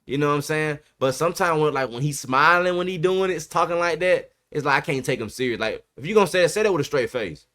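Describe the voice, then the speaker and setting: A man's voice: on the high side, animated, fast, few pauses, sharp tone. Emphatic man talking sports on a podcast. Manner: emphatic, repeats himself, says bro a lot. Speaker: podcast host. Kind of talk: casual sports chat.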